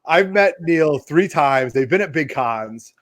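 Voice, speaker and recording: A man with an East Coast American accent, hosting a casual chat and telling stories in a rambling, animated way full of fillers. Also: fairly high pitch, unhurried, no room sound. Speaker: host. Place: home studio basement.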